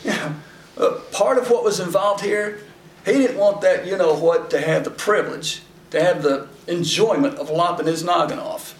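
A man teaching from scripture in a folksy, conversational way, often slipping into casual paraphrase. His voice sits a little high for a man and has a gravelly edge. He sounds set back from the mic in an echoey room, with faint noise underneath. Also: normal speed, distant mic. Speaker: Bible teacher.

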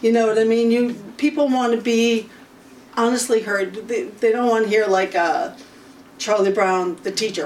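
A woman leads an informal Bible study in a slow, unhurried way, often pausing to clear her throat. Her voice sits a little high for a woman. She is recorded from some distance, with faint room noise behind her. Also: a little mellow.

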